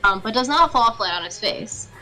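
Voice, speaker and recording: A woman's voice: a little high, expressive, moderate pace, pushed and bright, poor audio. A woman narrating as game master of a tabletop game, casual with frequent ums and light laughter. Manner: casual, giggly, many ums.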